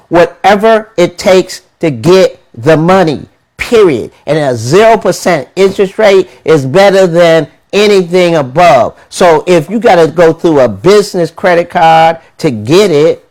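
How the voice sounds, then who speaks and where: A man giving a motivational money talk, animated and preachy, with lots of rhetorical questions and slangy, casual phrasing. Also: sits high. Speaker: money mentor.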